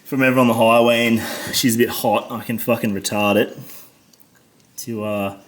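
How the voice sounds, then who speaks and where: A man's voice: mid-range voice, steady tone, normal speed, slight background noise. An Australian man talking through a motorcycle repair as he works, muttering and swearing constantly out of frustration. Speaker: motorcycle mechanic vlogger. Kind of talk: casual workshop commentary.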